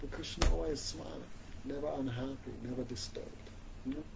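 A man giving an informal religious class, conversational and gently humorous, often asking his listeners "you know?". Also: medium pitch, fairly quick, vocal fry, very noisy. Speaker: spiritual teacher giving a class.

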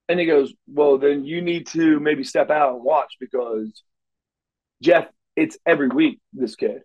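A man telling wrestling stories in a casual interview, animated and acting out quotes, stumbling over repeated words. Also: on the high side, moderate pace, poor audio. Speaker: wrestler guest.

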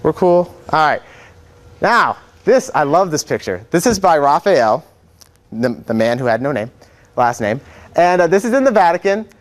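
A man's voice: fairly high pitch, very animated, moderate pace. A young man, a seminarian, teaching an adult faith class in a chatty, joking way, acting out quotes. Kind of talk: informal classroom lecture. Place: church classroom.

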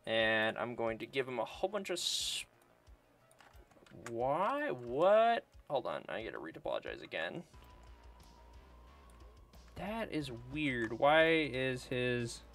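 A man's voice: medium pitch, very animated, a little slow, long pauses, fairly bright tone, soft background music. A man casually talking to himself while he sculpts a 3D model, rambling and joking as he works. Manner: rambling, jokey, talks to himself. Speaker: 3D sculpting video creator. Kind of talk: casual self-talk while working.

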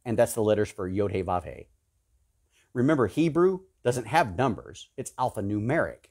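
A man preaching a sermon, fervent and emphatic, swinging between loud peaks and low hushed stretches, repeating and listing words for emphasis. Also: very animated, moderate pace. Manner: repetitive, emphatic lists.

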